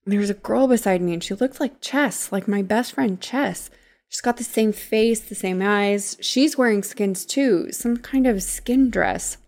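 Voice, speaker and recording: A woman's voice: mid-range voice, unhurried, darkish tone, natural voice. A woman voicing a teenage girl under hypnosis, reading her lines aloud with rising wonder.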